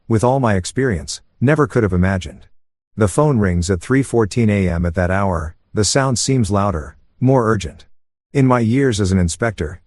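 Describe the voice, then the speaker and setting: A man narrating a first-person story at a steady, calm pace. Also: lowish voice, dry recording, studio quality.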